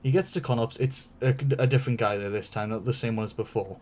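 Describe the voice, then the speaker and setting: A man's voice: medium pitch, steady tone, fast, a little mellow. A man streaming, telling a long story casually with many fillers, restarts and swearing.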